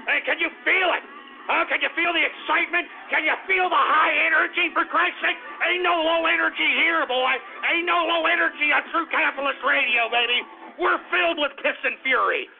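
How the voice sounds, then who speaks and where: Boisterous high-voiced radio host, gravelly. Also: male voice. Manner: boisterous, whooping and laughing, often swears. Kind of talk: rowdy call-in radio talk. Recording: tinny phone-line sound with faint music.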